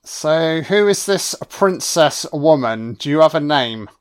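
A man's voice: on the high side, lively intonation, slow pace, clear, resonant tone. A man giving a casual, wisecracking film commentary on a first watch, swearing freely and talking back at the screen. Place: home recording, voice only.

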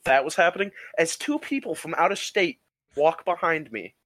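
A man's voice: a little high, normal speed, dry recording, low-quality recording. A young man co-hosting a casual podcast, telling a rowdy story full of swearing and acted-out quotes. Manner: animated, profane storyteller acting out quotes. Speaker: podcast co-host.

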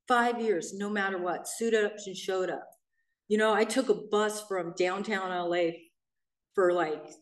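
A middle-aged woman, main speaker at a recovery meeting, telling her own story in a blunt, animated way and acting out the voices of people she quotes. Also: mid-range voice. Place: meeting room in a church. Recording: roomy sound, mic at a distance.

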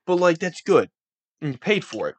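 Animated profane young podcast host. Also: male voice, fairly high pitch, normal speed. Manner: loud, profane storytelling. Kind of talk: casual chat.

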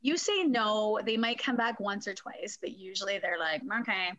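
A woman's voice: medium pitch, moderate pace, lo-fi sound. A woman who worked as a corrections officer and is a mother, telling stories casually and acting out the voices she quotes. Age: adult parent. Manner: animated storyteller, acts out quoted voices. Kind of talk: casual conversation.

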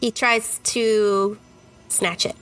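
A woman playing in a tabletop game, excitable and giggly, rambling as she narrates her character. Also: medium pitch, extremely slow, soft background music. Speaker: player. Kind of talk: tabletop role-play chat.

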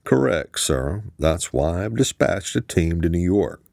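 A man voicing a composed, cold male spy chief in an audiobook, speaking calmly and formally. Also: sits low, a little slow, gravelly, no echo, clean studio sound, full character voice. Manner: calm, formal.

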